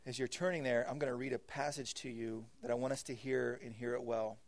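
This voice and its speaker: A male pastor preaching a sermon in an earnest way, swinging between hushed, intimate lines and loud, emphatic ones. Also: mid-range voice, steady tone, brisk.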